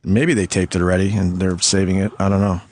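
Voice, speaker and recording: A man's voice: deep voice, flat delivery, fast talker, darkish tone. A man hosting a talk radio show, laid-back and chuckling as he steers the talk.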